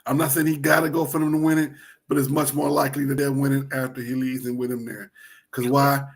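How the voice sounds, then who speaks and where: A man's voice: mid-range voice, flat delivery, fast. A man co-hosting a sports talk show, chatting casually, repeating phrases and plugging other shows.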